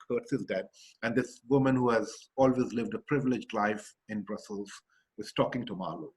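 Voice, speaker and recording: A man's voice: fairly low pitch, moderate pace, a little mellow. A male lecturer giving a literature lecture. He speaks with emphasis, asks rhetorical questions, often checks in with "okay?", and restarts some phrases while he thinks.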